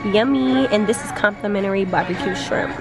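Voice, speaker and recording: A woman's voice: mid-range voice, moderate pace. Chatty young woman vlogging at dinner. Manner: playful, chatty, swears casually. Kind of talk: casual vlog chat. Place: restaurant. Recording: loud music in restaurant. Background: music.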